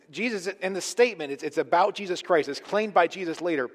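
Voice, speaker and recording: A man's voice: high voice, expressive, fast talker, few pauses. Earnest preacher man in a big echoing hall. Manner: earnest, emphatic, swinging from quiet to loud. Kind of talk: sermon. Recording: long reverb of a large hall.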